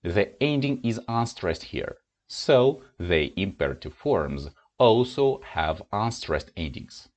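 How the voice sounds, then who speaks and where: Slow, careful Russian-accented male teacher. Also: lowish voice, very animated. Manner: slow, careful explanation with clearly pronounced example words. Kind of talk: grammar lesson.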